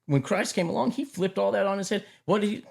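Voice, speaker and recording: A middle-aged man in casual chat, telling stories in an animated way and often repeating his words. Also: high-pitched, fast talker, gravelly, husky.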